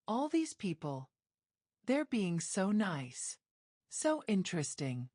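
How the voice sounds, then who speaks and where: A woman's voice: mid-range voice, sing-song, takes it slowly, dark tone, no room sound, studio quality. A woman narrator voicing a hurt, defiant young woman who speaks in an emotional, questioning way.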